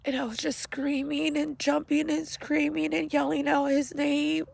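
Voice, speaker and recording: A middle-aged woman slowly and haltingly retelling a painful memory, speaking outdoors. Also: sits high, flat delivery, gravelly, darkish tone, a little hiss or hum. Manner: slow, halting, emotional retelling. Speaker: grieving mother. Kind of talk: personal storytelling vlog. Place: outdoors at a cemetery.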